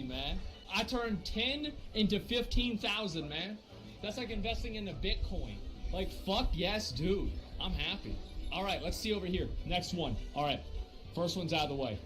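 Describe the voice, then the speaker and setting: A male live streamer rambles casually about a game, full of filler words and casual swearing. His voice sits a touch high and comes across bright and forceful. Faint music plays in the background. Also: lively intonation, moderate pace, poor audio. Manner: rambling, heavy on fillers and profanity. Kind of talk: casual gaming stream chat.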